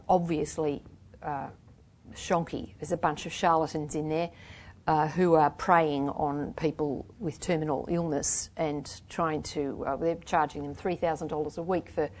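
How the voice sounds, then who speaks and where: An older woman, an author, talking about her novel and reading passages from it with lively emphasis. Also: deep voice. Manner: animated, laughing storyteller, reads with lively emphasis. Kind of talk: author talk and book reading.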